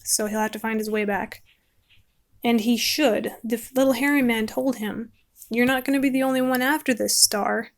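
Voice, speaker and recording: A woman casually rambling about a book she likes while she paints, chatty and quick to laugh. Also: on the high side, steady tone. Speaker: book vlogger.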